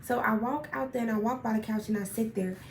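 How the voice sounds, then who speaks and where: A young woman telling a personal story in a casual, animated, profane way, getting worked up as she retells it. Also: a little high, fast. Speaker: storyteller vlogger. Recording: roomy echo, far from mic, faint noise.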